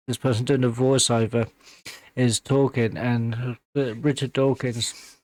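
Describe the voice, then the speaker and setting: A man hosting a music reaction video, talking in halting, emotional bursts full of fillers and restarts while fighting back tears. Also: medium pitch, flat delivery, a little mellow, no echo. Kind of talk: casual reaction commentary.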